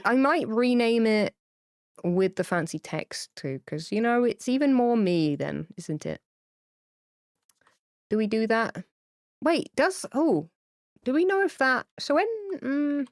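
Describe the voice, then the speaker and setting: This is a woman with a fairly high, sing-song voice who speaks unhurriedly and leaves long pauses; the recording is dry with clean studio sound. During a game livestream, camera off and using a streaming mic, she chats casually and rambles to viewers with many fillers. Cute pets make her gush and tear up.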